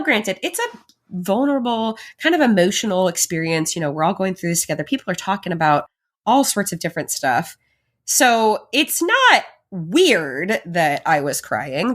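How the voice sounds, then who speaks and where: Candid, animated woman telling a personal story. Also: fairly low pitch. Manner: candid and animated, laughs often, pace swings from rushed to slow. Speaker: podcast host.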